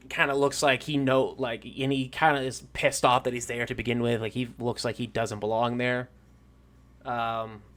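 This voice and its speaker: A man's voice: medium pitch, fairly bright tone. A man narrating a tabletop game as game master, casual and rambling, with fillers and the odd swear.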